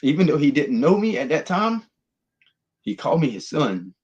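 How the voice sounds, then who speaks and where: A man's voice: on the high side, sing-song, normal speed, darkish tone, muffled recording. A man, earnestly telling his personal testimony as a guest, rambling through the story with restarts.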